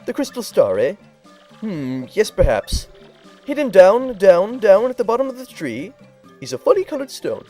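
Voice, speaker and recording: A man's voice: high-pitched, sing-song, moderate pace, darkish tone, faint music behind, pitched above the performer's own voice. A man voicing a crotchety, bossy old female tribal elder in a game playthrough, scolding and barking orders. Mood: explaining.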